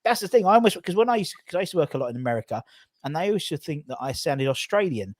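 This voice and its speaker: An English man hosting a casual chat, easygoing and agreeable, with quick asides. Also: on the high side, sing-song, no room sound, clean studio sound. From England. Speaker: podcast host.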